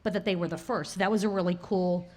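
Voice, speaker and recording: A woman co-hosting a relaxed podcast, recorded live at a bar. She is chatty and teasing, with frequent laughter. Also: lowish voice, fast talker. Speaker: podcast co-host. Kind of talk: casual chat.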